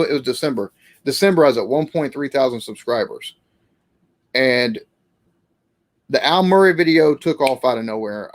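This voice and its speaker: A man's voice: medium pitch, no room sound. A man hosting a casual live-stream Q&A, talking in a rambling, hesitant way with many restarts.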